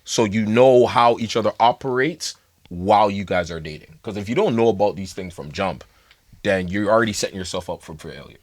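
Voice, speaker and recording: A man's voice: on the low side, fairly quick, no echo. A man from Toronto co-hosting a podcast, making his point in an insistent, lecturing way. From Toronto, Canada. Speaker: podcast co-host. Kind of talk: casual podcast debate.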